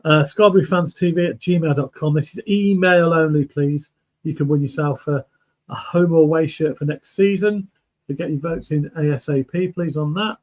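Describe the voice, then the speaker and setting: Man, podcast co-host, slightly high voice, casual announcements. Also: steady tone, moderate pace, poor audio. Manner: brief agreeing replies, reads announcements. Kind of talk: casual football podcast chat.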